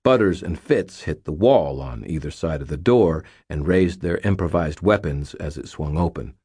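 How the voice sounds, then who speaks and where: A man reading a first-person novel aloud in a measured storytelling voice. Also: a bass voice, animated, mellow, breathy edge, dry recording, studio quality. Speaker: audiobook narrator. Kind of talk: first-person audiobook narration.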